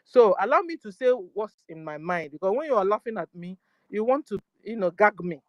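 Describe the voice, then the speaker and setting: Woman, live audio chat host, forceful, middling pitch, dull lo-fi sound, dry. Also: big pitch swings, a little fast, no room sound. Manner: forceful, repeats "you understand?". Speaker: host of an online audio space.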